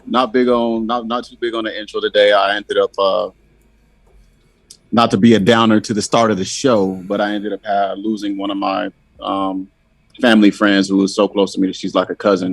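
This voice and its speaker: A man from Bakersfield, California, a podcast guest on a video call, talking in an earnest, steady, somber way. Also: fairly low pitch, a little fast, no room sound. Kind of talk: casual podcast chat.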